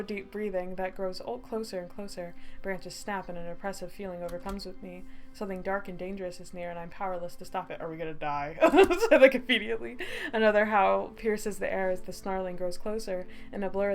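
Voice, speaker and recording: Giggly girl streamer, middle voice, reads a story game out loud and jokes about herself. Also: mid-range voice, steady tone, a little fast. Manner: giggly, self-mocking asides. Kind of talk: game playthrough with read-aloud narration.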